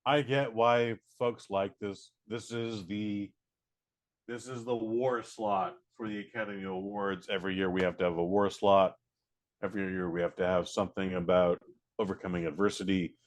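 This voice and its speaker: A man co-hosting a podcast, reviewing a film in casual chat, animated and profane, acting out quotes. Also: on the low side, moderate pace.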